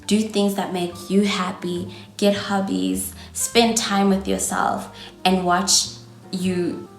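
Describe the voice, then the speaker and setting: A woman's voice: medium pitch, fairly even intonation, slow pace, roomy sound, soft background music. A South African woman in her twenties with a South African accent, giving chatty, encouraging advice to camera as a vlogger. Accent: South African English. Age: 20s. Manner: chatty, encouraging, calls viewers darling. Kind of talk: casual advice talk to camera.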